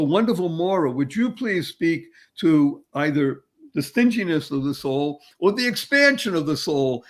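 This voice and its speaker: Halting male webinar host. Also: a little high. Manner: halting, thoughtful, gently joking. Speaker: webinar host and panel moderator. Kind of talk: live panel discussion. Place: online video call.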